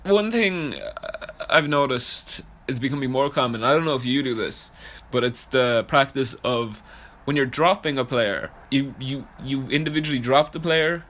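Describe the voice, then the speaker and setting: A man's voice: medium pitch, expressive, moderate pace, few pauses, a bit bright. A man co-hosting a podcast in casual, teasing chat, laughing often. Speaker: podcast co-host. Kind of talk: casual chat about fantasy sports.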